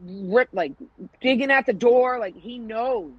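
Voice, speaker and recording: A woman's voice: fairly high pitch, measured pace, breathy edge, dry recording, muffled recording. A woman co-hosting a podcast, telling stories in candid casual chat, acting out quoted dialogue and swearing freely. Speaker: podcast co-host.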